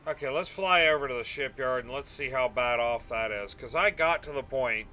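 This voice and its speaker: A man's voice: medium pitch, normal speed, sharp tone. A young man streaming a space game, chatting casually with his viewers and often trailing off into "uh" and "um". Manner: chatty, answers chat, trails off with fillers. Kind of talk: casual gaming stream chat.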